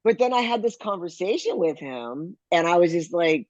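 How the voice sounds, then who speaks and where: A man speaking as a podcast guest, telling personal stories in a lively way and acting out the people he quotes. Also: fairly high pitch, normal speed, few pauses, no room sound, muffled recording. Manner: animated, acts out quoted people. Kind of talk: conversational storytelling.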